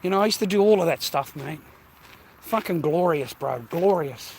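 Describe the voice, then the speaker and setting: His voice is a little high and gravelly yet slightly mellow, expressive and moderately paced. The speaker, a middle-aged Australian man, is vlogging casually on foot in the street, swearing and calling people mate and bro, puffing from a heavy bag he's carrying. Faint traffic noise fills the outdoor background.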